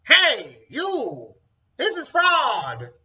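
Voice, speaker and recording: A man voicing a ranting older male politician who yells accusations of fraud at strangers. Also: huge pitch swings, drawn-out words, exaggerated voice. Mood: shouting. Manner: shrill, screaming accusations. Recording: dull distant recording.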